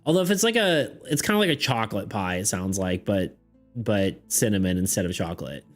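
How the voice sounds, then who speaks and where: A man's voice: fairly low pitch, animated, brisk, soft background music. Rambling, laughing man running a tabletop game. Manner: rambling, laughs often, many fillers. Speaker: game master and streamer. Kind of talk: casual narration of a streamed tabletop game.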